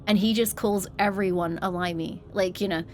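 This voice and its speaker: A woman's voice: mid-range voice, fairly even intonation, moderate pace, a little mellow, slight background noise. A woman in her thirties from England whose accent sounds mostly American with a slight British edge, chatting casually on a headset mic and rambling with many fillers and restarts. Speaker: streamer. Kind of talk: casual chat.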